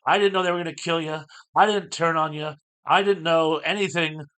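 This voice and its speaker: A man's voice: on the high side, steady tone, brisk, fairly bright tone, clean tone, close to an everyday voice. A man voicing a nervous, weaselly punk informant who pleads and babbles. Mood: pleading. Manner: pleading, flustered.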